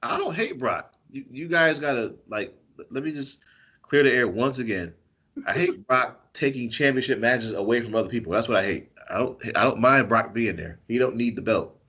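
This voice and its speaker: Man, podcast co-host, casual chat, bright tone, playful, laughs while arguing. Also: mid-range voice, normal speed, breathy edge.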